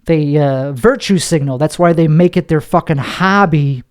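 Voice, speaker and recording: A man's voice: fairly high pitch, moderate pace, clear, resonant tone. Rambling, profane male podcast comedian. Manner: rambling, self-mocking, profane, slips into put-on voices. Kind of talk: confessional monologue.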